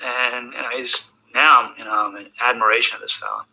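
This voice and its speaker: An older man from the United States, answering interview questions as an animated, joking storyteller who drops now and then to a hushed tone. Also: mid-range voice, brisk, vocal fry, slightly rough, low-quality recording. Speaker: interview guest. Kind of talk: conversational storytelling.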